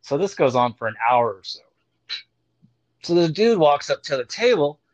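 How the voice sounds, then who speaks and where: A man with a somewhat high voice tells a story in a loose, profane way and keeps slipping into the voices of the people in it. The sound is dull and lo-fi, very dry and close. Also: moderate pace, dry recording. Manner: profane, animated storyteller acting out quotes. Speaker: guest telling a story. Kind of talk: casual storytelling.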